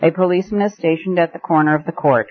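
A man's voice: a little high, fast, no room sound, close to an everyday voice. A man reading voices a stern, self-important private detective in a story, speaking with authority. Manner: authoritative, pompous. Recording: tinny phone-like band.

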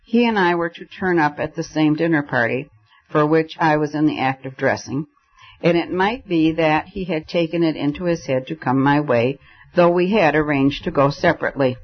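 A male narrator reads a classic tale, lightly voicing the characters as he goes. His voice sits a little high. The recording sounds dull and lo-fi. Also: normal speed. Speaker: audiobook narrator. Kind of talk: scripted narration.

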